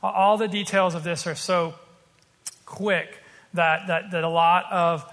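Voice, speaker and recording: A man preaching a sermon, earnest and explanatory, slowing down to stress his points. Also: high-pitched, little pitch movement, fairly bright tone, in a large hall. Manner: earnest, explanatory, slows for emphasis.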